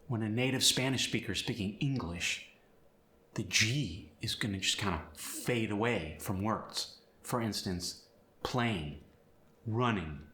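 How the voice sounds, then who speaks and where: A male accent coach with a lively, swooping pitch and a bright, forward tone. He talks at a slow, deliberate pace, demonstrating each sound. The room adds a noticeable echo. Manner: animated, demonstrative teaching. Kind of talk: instructional pronunciation tutorial.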